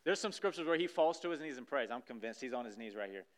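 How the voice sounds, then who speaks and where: Animated preacher with a smooth voice. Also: male voice, medium pitch, fast. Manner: animated preaching, acting out scripture scenes. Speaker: pastor. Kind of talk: sermon. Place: church sanctuary stage.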